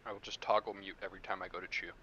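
A man's voice: low-pitched, little pitch movement, rapid-fire, sharp tone, lo-fi sound, a little hiss or hum. A man chatting casually with a friend over a voice chat mic while gaming, laid-back and swearing freely. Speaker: gamer in voice chat.

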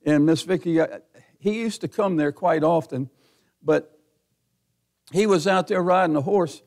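A middle-aged man preaching a sermon as pastor, folksy and given to chuckles, rising to near-shouting as he presses his points. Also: fairly high pitch, unhurried. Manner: folksy, laughs often, builds to near-shouting.

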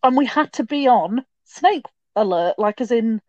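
Young woman, lively storyteller, higher voice, dry dull recording. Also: no echo. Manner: chatty storyteller, quick asides and restarts. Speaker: podcast guest. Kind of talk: casual chat.

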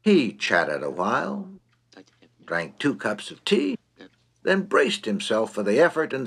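A man narrating a humorous story in a wry, expressive way. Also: medium pitch, takes it slowly, vocal fry, slightly rough.

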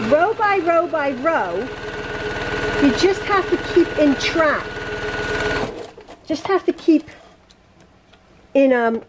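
A woman teaching a quilting lesson in her home sewing room, chatty and quick to laugh at and correct her own mistakes. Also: sits high, noisy background. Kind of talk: casual sewing tutorial.

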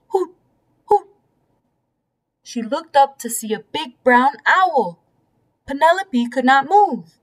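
A woman reading a bedtime story aloud in a gentle, storytelling manner. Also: a little high. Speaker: storybook reader.

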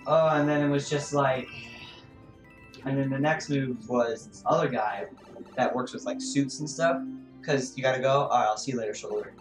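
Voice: medium pitch, normal speed. A gaming streamer telling a store story in casual, rambling talk full of fillers. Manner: rambling, many fillers and "man". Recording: roomy echo with game music behind.

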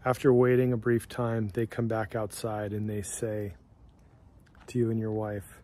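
A man hosting his channel, narrating a story in the second person in a steady, plain-spoken way. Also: lowish voice, a little slow, a little hiss or hum. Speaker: host.

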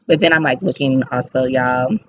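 An excited woman talks through a scripture passage in a casual devotional vlog. She talks in a quick, lively way and her pitch jumps around. The recording is slightly dull, with a faint hiss. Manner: excited, fast-talking, lively. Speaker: faith vlogger.

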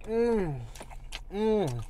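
Slow-talking woman chatting with mouth full. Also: medium pitch, warm tone, a little hiss or hum. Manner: talks with mouth full while chewing; playful, teasing asides to viewers. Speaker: food vlogger. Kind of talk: eating vlog with casual chat.

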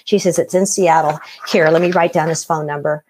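A woman's voice: low voice, fairly even intonation, fairly quick, a little mellow, slight background noise. A middle-aged woman casually telling her own story, acting out the voices of the people in it. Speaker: guest telling her near-death experience.

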